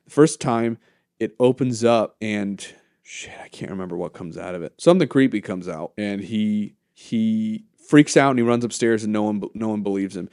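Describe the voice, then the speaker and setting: A man co-hosting a casual podcast, retelling a story in an animated way, swearing and laughing easily. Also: on the low side, dry recording, studio quality. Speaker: podcast co-host. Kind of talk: casual chat.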